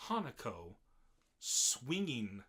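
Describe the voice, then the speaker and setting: Young male podcast co-host, bright and forceful voice, lively scene-by-scene recapper. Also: medium pitch, extremely slow, breathy edge. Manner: animated, acts out character lines in shifting voices. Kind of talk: casual anime recap chat.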